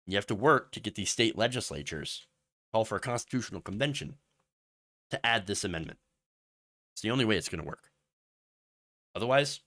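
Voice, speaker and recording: A man with a lowish, slightly bright voice hosts a political commentary livestream. He rants with passion and sarcastic mock quotes, then rambles through viewer chat messages with plenty of fillers.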